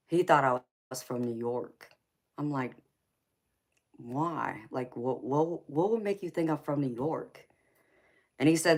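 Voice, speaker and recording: A woman from Los Angeles with a Southern accent, chatting casually on a live stream and answering viewers' comments. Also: rumbling low. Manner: chatty, laughs often, reads out viewer comments. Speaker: tarot reader streamer.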